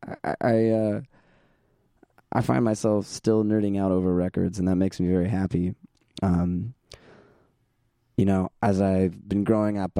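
A young man hosting a casual solo podcast, hoarse and tired, rambling along in a self-deprecating way and laughing often. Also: mellow, no echo, studio quality. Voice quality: gravelly, sandpapery. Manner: low energy, tired. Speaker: podcast host.

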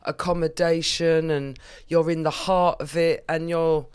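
A woman's voice: sits low, fairly even intonation, measured pace, darkish tone, smooth. A woman comedian as a podcast guest, bantering frankly in casual chat.

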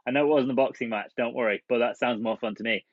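A man's voice: medium pitch, steady tone, quick pace, no echo. A man co-hosting a casual podcast who makes wry, joking asides. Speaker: podcast co-host. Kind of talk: casual chat. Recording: dull, dry mic sound.

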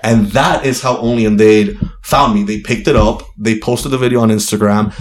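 A man's voice: on the low side, steady tone, moderate pace. A young man from Miami, a guest comedian, telling a story in a rambling, profane way full of fillers. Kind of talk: casual podcast storytelling. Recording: roomy echo.

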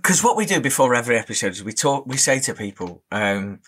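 A man hosts a podcast in a playful, jokey way, chatting directly to his listeners. His voice sits at a middle pitch. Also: big pitch swings, fast, fairly bright tone, husky. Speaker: podcast host. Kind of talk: casual podcast interview.

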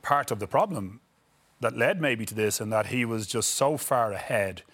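A man's voice: medium pitch, animated, normal speed, fairly bright tone. A middle-aged Irish man, a former footballer, telling stories in an interview, rambling and repeating words as he acts out quotes. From Ireland. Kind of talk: casual storytelling interview.

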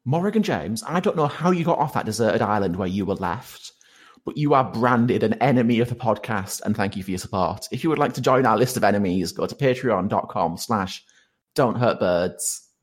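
A man narrating as game master of a tabletop role-playing podcast, playful and animated. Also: fairly low pitch, moderate pace, husky.

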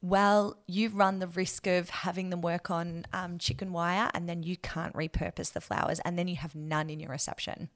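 A woman's voice: on the low side, little pitch movement, moderate pace, few pauses. A woman hosting a wedding planning podcast, giving emphatic, blunt advice in a casual chat.

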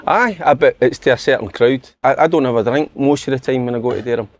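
A man's voice: mid-range voice, fast, dry recording. A middle-aged Scottish man telling stories in casual podcast chat, laughing and swearing often. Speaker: podcast pundit.

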